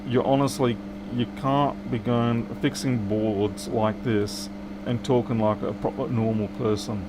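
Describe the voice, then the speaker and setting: A man's voice: medium pitch, steady tone, a little slow, background noise. A man, a repair technician bantering with viewers and muttering to himself while he works on a live stream.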